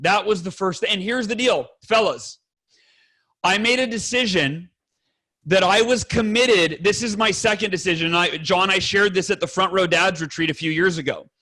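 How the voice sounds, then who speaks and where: A man's voice: high-pitched, bright, forceful tone, rough recording. A man speaking as a guest on a podcast, earnest and emphatic, talking bluntly with fellow fathers and swearing now and then. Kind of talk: candid podcast conversation.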